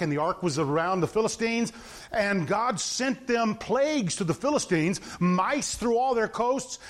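A middle-aged man preaching an informal sermon, telling stories with gusto, acting out the characters and laughing at them. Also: high-pitched.

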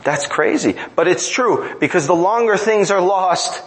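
A man's voice: high voice, measured pace, a bit bright, rough recording. A man preaching a sermon in an earnest, emphatic way, driving points home through repetition. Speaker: pastor.

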